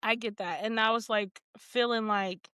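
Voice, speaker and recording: A woman hosting a podcast in casual chat, animated and laughing often, acting out little quotes. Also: on the high side, normal speed, clear, resonant tone, no echo, studio quality. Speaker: podcast host.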